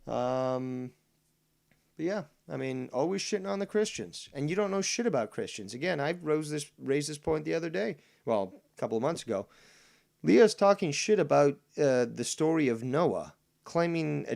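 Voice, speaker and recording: A man's voice: fairly high pitch, animated, vocal fry, a little mellow. Swearing, indignant man ranting. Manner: indignant, swears heavily, repeats for emphasis; slows down to stress key lines. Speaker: livestream host reading viewer comments. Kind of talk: profane ranting monologue.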